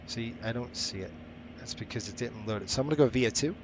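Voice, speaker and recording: A man's voice: medium pitch, fast talker, background noise. A man hosting a live stream, thinking aloud as he sets things up and chatting with viewers between steps. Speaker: flight sim streamer.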